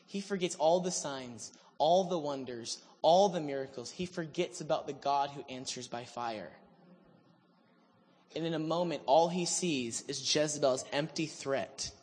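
A man preaching a sermon, telling the story in an animated, humorous way. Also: fairly high pitch, a little slow, in a large hall.

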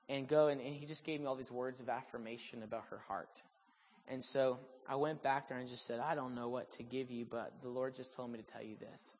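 A male preacher delivers a sermon in animated storytelling mode. His delivery rises to loud, excited peaks and drops to soft, hushed passages. The sound carries the long reverb of a large hall. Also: medium pitch, fairly quick, a little hiss or hum.

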